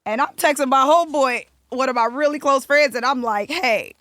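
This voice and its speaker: A young woman from South Florida, a singer-songwriter telling a story as a podcast guest, animated and profane. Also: high-pitched, brisk, dry recording. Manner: animated, profane, acts out quotes. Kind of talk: casual storytelling interview.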